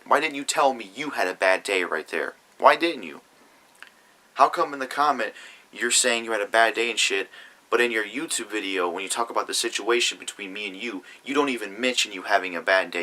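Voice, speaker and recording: Angry young man ranting, bright voice. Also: fairly low pitch, rough recording. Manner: heated, profane, ranting; reads comments aloud. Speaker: YouTuber. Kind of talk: angry vlog rant.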